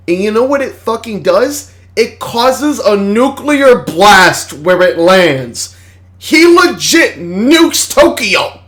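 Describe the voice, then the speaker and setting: A man giving a casual movie review, rambling, excitable and swearing freely. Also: high-pitched.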